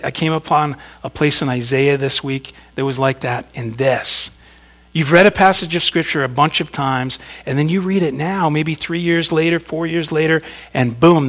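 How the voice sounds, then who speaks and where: A man's voice: a little high, a bit bright. A man preaching a sermon, speaking conversationally to the congregation with asides and reading scripture with emphasis. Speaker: pastor.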